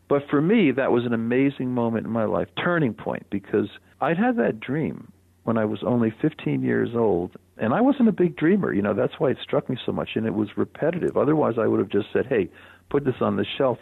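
A man's voice: medium pitch, creaky, husky, dry recording. Older man telling a story over a phone line. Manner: reflective, animated narration with soft chuckles. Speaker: guest. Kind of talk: personal storytelling. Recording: phone-line radio interview.

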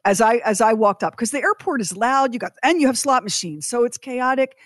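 A woman telling a personal story in an animated, emphatic way, rising to loud indignation. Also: a little high, a little fast, no room sound, clean studio sound. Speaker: guest storyteller.

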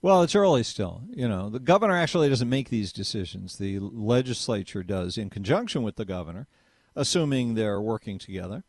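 A man's voice: on the low side, lively intonation, fairly quick, no room sound. A man hosting talk radio, emphatic and opinionated, speaking into a studio mic. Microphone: studio microphone.

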